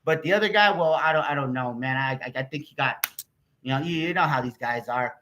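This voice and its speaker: A man's voice: fairly high pitch, a little fast, bright, forceful tone, a little hiss or hum. An American man ranting in a rambling, profane vlog, swearing constantly and getting heated. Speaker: YouTuber.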